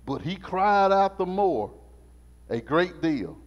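A man preaches a Sunday school lesson, his slightly high voice swinging widely in pitch as he repeats phrases and calls to his listeners. The sound is dull and muffled, with long reverb from the church sanctuary. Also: takes it slowly. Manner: animated, call-and-response preaching, repeats phrases.

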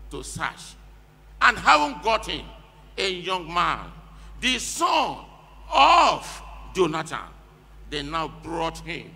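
Lively high-voiced preacher. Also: male voice, vocal fry, husky. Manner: emphatic, retells each read verse in plain words and prompts the reader. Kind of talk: sermon. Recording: echoey hall with long reverb.

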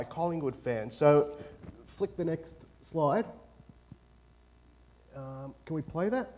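Joking Australian man lecturing a hall. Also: fairly high pitch. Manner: joking, audience-engaging. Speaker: guest speaker. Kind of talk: lively lecture to students. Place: university auditorium.

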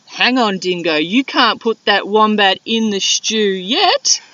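A woman voicing a chorus of alarmed bush animals in a squeaky, urgent voice. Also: lively intonation, measured pace, sharp tone, dry recording. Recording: dull lo-fi video sound.

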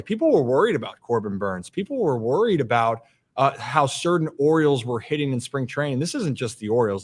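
A man hosting a sports podcast, asking long, rambling questions of his guest in casual talk. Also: mid-range voice. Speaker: podcast host. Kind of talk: casual interview.

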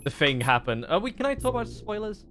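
A man's voice: high-pitched, big pitch swings, quick pace, over music. A man bantering and teasing friends during a party game, with swearing. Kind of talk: casual game chat.

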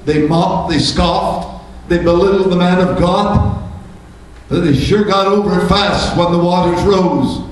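A man's voice: high-pitched, a little slow. A male pastor preaching a sermon, asking rhetorical questions and building to fervent emphasis. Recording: echoey church room, mic from a distance.

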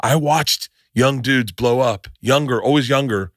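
A man's voice: mid-range voice, measured pace, no echo, clean studio sound. A man hosting a podcast in casual chat, telling stories with lots of swearing and acting out the scenes himself. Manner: animated storyteller, swears freely, acts out scenes. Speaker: podcast host.

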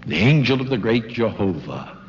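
A man's voice: lowish voice, big pitch swings, moderate pace, slight background noise. An older man giving a sermon to a congregation, retelling a story with dramatic quoted voices. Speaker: preacher giving a talk. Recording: old lo-fi recording in a large reverberant hall.

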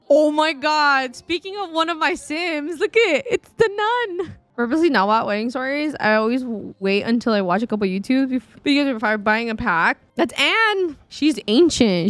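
A woman gaming YouTuber giving casual, chatty let's-play commentary at her desk mic, excitable and often laughing. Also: on the high side, dry recording. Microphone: studio desk mic.

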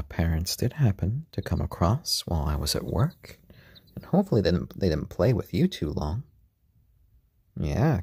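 A man with a low, mellow, slightly husky voice chats casually on a live stream from home, tired after a long workday. His speech swings in pitch, and the dry recording has no room sound. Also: dry recording. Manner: gentle, unhurried, coos to a chick in a high voice. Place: at home, indoors.

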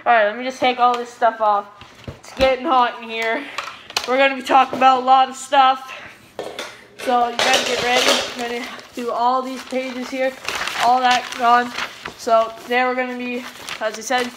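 Chatty woman with a high-pitched voice. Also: fairly even intonation, normal speed, a bit bright, slight background noise. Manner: chatty, digressive, stops to explain terms. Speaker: vlogger presenting a hockey player. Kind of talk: casual fan presentation.

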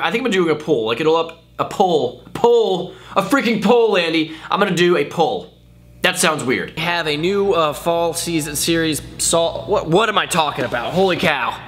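A man's voice: a little high, pushed and bright, a little hiss or hum. A young man who vlogs, rambling goofily and tripping over his own words in casual bloopers. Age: young adult. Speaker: YouTuber.

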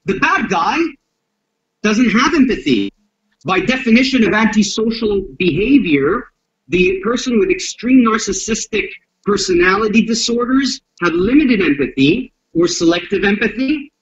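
Man, self-defense instructor, interview, blunt, profane, high-pitched, dull lo-fi audio. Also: normal speed, a little hiss or hum. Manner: blunt, profane and animated, acts out confrontations. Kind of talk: interview talk explaining violence.

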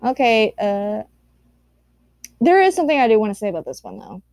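A woman talks over fan art in an unhurried, gushing way, cooing often and swearing now and then. Her voice is mellow and a little high. It sounds close and dry, with little room around it. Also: very animated, no echo. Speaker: YouTuber reacting to fan art. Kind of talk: casual commentary.

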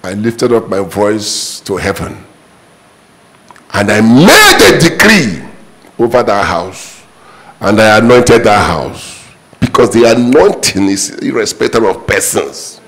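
A man's voice: lowish voice, big pitch swings, slow pace, a bit bright, rough recording. A man preaching a sermon as pastor, emphatic and repetitive, his voice leaping up on sudden exclamations.

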